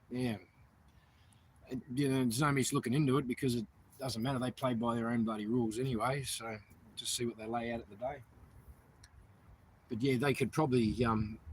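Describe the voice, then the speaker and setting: An Australian man chatting on a casual livestream, blunt, sarcastic and quick to swear. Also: medium pitch, background noise.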